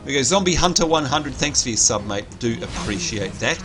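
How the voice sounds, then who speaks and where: A man, co-hosting a live game stream and chatting excitedly to viewers. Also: medium pitch, fairly quick. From New Zealand. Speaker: livestream co-host. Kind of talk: live gaming commentary. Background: game music.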